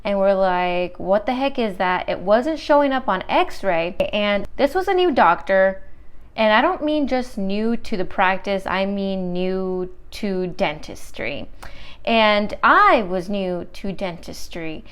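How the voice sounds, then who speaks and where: A young woman, a dental assistant, chatting and telling stories to her viewers in a casual, animated vlog. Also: mid-range voice, slow, smooth.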